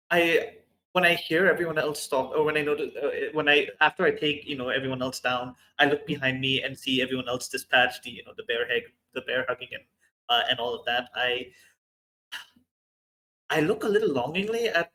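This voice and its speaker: A man with a bright tone describes his character's actions in a tabletop game. He speaks haltingly and keeps searching for words. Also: mid-range voice, poor audio. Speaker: player. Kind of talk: casual tabletop play.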